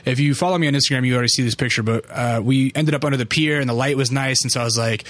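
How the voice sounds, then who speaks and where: A man's voice: mid-range voice, racing, fairly bright tone. A man hosting a podcast, telling a rambling, casual story intro full of fillers and swearing. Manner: loose and profane, full of fillers. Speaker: podcast host.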